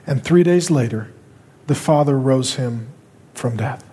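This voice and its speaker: Husky preacher in a reverberant hall. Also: male voice, mid-range voice, dark tone. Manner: impassioned preaching with dramatic pauses. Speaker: pastor. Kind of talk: sermon.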